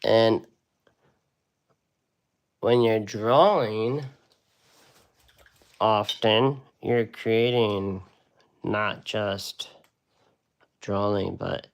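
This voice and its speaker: A man's voice: fairly low pitch, extremely slow, long pauses. A man teaching a casual live watercolor lesson, chatty and rambling with laid-back slang. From United States.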